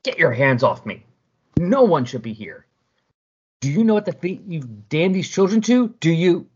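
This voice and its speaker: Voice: medium pitch, big pitch swings, moderate pace, a little mellow, husky, pitched above the performer's own voice. A podcaster voicing a fierce young heroine who scolds and commands, heard through a dull lo-fi recording. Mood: angry. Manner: defiant, scolding. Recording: dull lo-fi sound.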